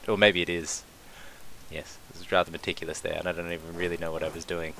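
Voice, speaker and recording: A man's voice: low voice, little pitch movement, fast talker, vocal fry, fairly bright tone, a little hiss or hum. A man commentating his own strategy game, thinking aloud, swearing casually and bursting into cheers when things go his way. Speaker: gameplay commentator. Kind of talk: casual let's-play commentary.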